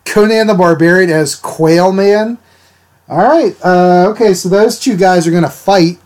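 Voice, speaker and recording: A man's voice: high-pitched, unhurried, darkish tone. A man chatting casually with his livestream viewers while he inks drawings, rambling and laughing as he answers them. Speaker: art livestreamer.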